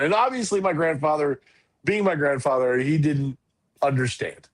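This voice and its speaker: A man's voice: fairly high pitch, moderate pace. Chatty man telling a rambling story. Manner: rambling, with frequent restarts and fillers. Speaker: podcast co-host. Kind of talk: casual storytelling chat.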